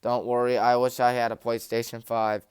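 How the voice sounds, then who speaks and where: Joking young sports host. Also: male voice, medium pitch, little pitch movement, moderate pace, a little mellow, clean tone, no room sound, clean studio sound. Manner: jokey, rambling, self-mocking. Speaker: sports talk show host. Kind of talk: rapid-fire game picks with joking asides. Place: small community TV studio.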